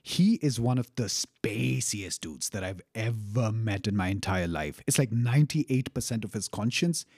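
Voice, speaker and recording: A man's voice: on the low side, animated, moderate pace, few pauses, darkish tone, slightly rough, no room sound, clean studio sound. A man casually recounting a personal story, rambling and profane, with frequent fillers and chuckles.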